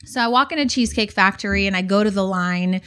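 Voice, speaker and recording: A woman co-hosting a casual chat show, telling a story in an animated, expressive way. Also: medium pitch, quick pace, clean tone. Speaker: podcast co-host.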